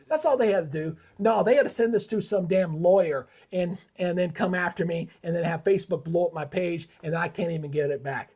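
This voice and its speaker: A man's voice: high voice, fairly quick, few pauses, darkish tone. A middle-aged man hosting a live weather stream, heated and ranting, swearing often in casual commentary. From Georgia, USA. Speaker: weather livestream host.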